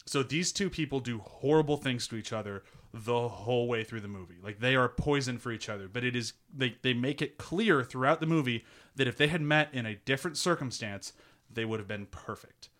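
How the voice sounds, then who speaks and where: A man with a bright, forward voice gives a casual spoken pitch of a film. He is laid-back and laughs easily, swears freely and leans on "like" as a filler. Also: brisk. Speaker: panelist pitching a movie.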